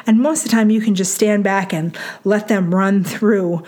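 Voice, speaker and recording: A middle-aged woman giving parenting advice in a calm, chatty way, repeating points for emphasis. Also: mid-range voice, normal speed. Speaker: parenting coach. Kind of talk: solo advice talk.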